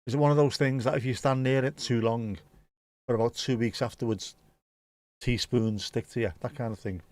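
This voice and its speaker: A man's voice: medium pitch, steady tone, normal speed, darkish tone, no echo. A man hosting a live match watchalong, chatting casually and rambling between dad jokes. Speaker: watchalong host.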